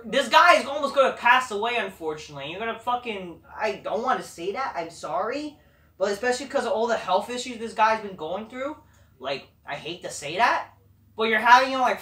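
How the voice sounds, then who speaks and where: Bright-voiced woman ranting in an echoey room. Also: on the high side, recorded from a distance. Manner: profane, blunt, rambling. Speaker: wrestling show reviewer. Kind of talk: casual ranting recap. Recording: echoey room, away from the mic.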